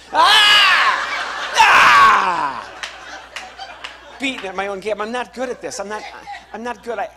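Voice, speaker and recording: There's background noise as a man with a high voice performs stand-up at a live venue, the audience laughing. He tells a story with animation, imitating the voices of those involved.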